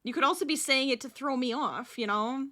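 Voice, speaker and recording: A woman's voice: high-pitched, a little fast, pushed and bright. A woman streaming live while she crochets, chatting and laughing with her viewers and counting stitches under her breath.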